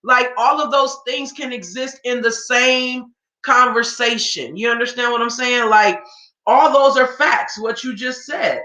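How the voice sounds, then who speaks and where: A woman's voice: on the high side, measured pace, bright, forceful tone. A woman giving a reaction commentary rant, emphatic and informal, firing off rhetorical questions. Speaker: political commentator. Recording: roomy echo.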